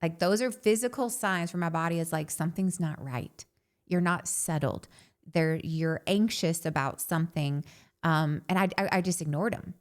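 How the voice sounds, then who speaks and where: A woman in her thirties, a podcast co-host, telling a candid personal story in an animated way and saying "like" often. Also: fairly low pitch, moderate pace.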